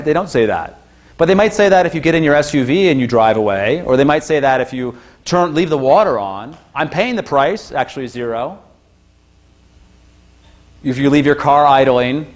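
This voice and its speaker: A man gives a loose, conversational university lecture full of energy, slipping into high-pitched exclamations whenever he acts out what people say.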